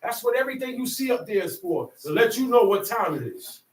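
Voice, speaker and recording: A man's voice: very high-pitched, very animated, fairly quick. A man preaching and teaching his listeners, firing rhetorical questions at them in a colloquial, emphatic manner. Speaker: street preacher. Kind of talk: call-and-response teaching. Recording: echoey, distant mic with faint ambient noise.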